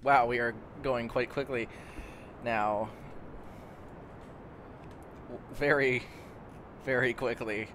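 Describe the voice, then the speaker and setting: A man's voice: mid-range voice, fairly even intonation, slow pace, long pauses, fairly bright tone, a little hiss or hum. A young man casually commenting on his own gameplay, rambling and stumbling over words, easily amazed.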